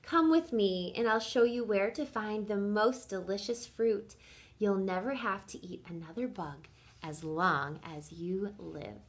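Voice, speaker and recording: Woman reading a protective mother bat, soft and tender, storybook read-aloud. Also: mid-range voice, unhurried, slight background noise, close to an everyday voice. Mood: gentle.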